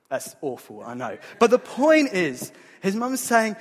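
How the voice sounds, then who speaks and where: A man preaching a sermon in an earnest, conversational way that builds to emphatic points. His voice is husky and sits a little high for a man. It rings with the long reverb of a church hall. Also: wildly swooping pitch, measured pace. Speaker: pastor.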